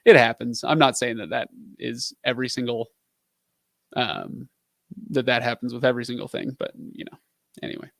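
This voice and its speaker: A man in his thirties chats his way through viewer questions on a live stream, rambling from topic to topic with plenty of fillers. His voice sits at a middle pitch. The sound is dry and close, with no room echo. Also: normal speed, vocal fry, long pauses. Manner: chatty, rambling, with frequent fillers and asides. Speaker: livestream host answering viewer questions. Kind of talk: casual live-stream chat.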